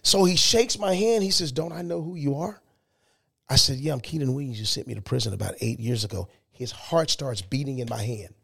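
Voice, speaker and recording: Male guest, mid-pitched, emphatic storyteller in an interview. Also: fairly quick, gravelly, hardly any pauses, husky. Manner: animated, emphatic storytelling with rising excitement.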